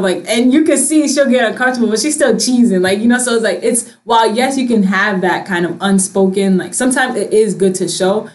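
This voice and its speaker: A young woman chatting casually with friends, her voice at an ordinary middle pitch. She tells stories with lots of energy, slips into the voices of her relatives, and laughs easily. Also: brisk, few pauses. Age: young adult. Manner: animated, acts out family quotes, laughs often. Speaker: discussion participant. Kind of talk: casual group chat.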